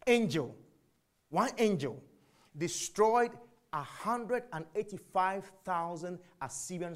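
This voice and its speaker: A man preaching a sermon, asking and answering his own questions, jumping from shouts to whispers. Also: sits high. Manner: animated, swings from shouts to whispers.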